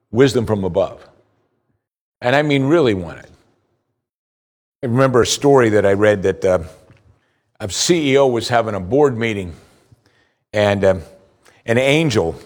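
Man preaching a sermon. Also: medium pitch. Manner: preaching, slow scripture reading with lively rises. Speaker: pastor.

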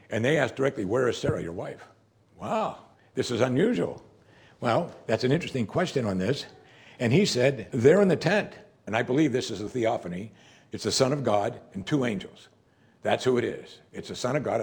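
A man's voice: fairly low pitch, a little mellow. A man preaching a sermon, reading scripture aloud and explaining it in a conversational way, asking questions and answering them himself. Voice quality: very husky, gravelly.

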